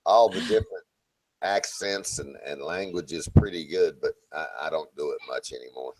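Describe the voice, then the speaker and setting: A man with a Southern American accent chatting casually on a video call, friendly and encouraging, with a relaxed, lazy drawl. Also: extremely low pitch, moderate pace, no room sound, rough recording. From Southern United States. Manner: friendly, encouraging, admits to drawling lazily when tired. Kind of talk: casual chat on an online video hangout.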